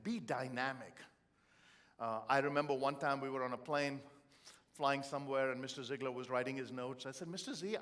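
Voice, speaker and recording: A middle-aged man giving a live motivational talk, telling stories with humor and feeling. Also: a little high. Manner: expressive, storytelling, humorous. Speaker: motivational keynote speaker.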